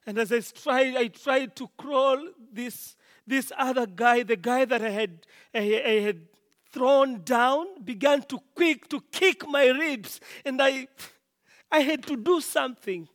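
A preacher takes on a wounded traveler left by the road, telling his ordeal in the first person. The delivery is slow and halting, with words doubled and restarted as if reliving the shock. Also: high-pitched, fairly bright tone. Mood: frightened. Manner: halting, repeats words, dramatic retelling. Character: wounded robbed traveler man, shaken. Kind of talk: first-person dramatic monologue.

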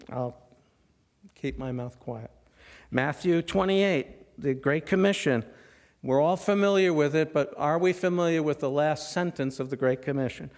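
A middle-aged man delivers a sermon in a fairly high voice. He speaks earnestly, stacking rhetorical questions and letting his voice fall to a near hush when he drives a point home. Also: a little slow. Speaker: pastor.

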